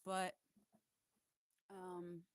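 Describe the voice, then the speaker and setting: Woman medium relaying spirit messages, lowish voice, halting and emotional, dry close sound. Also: monotone, no room sound. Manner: emotional, hesitant, many fillers and restarts. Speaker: psychic medium. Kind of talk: spiritual channeling monologue.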